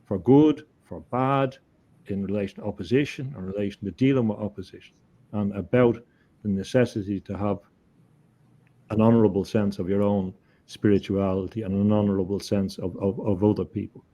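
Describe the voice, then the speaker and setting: A man, a guest on an interview show, telling a story in an earnest, halting way, often repeating words as he thinks. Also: on the low side, fairly even intonation, dark tone. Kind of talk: conversational storytelling.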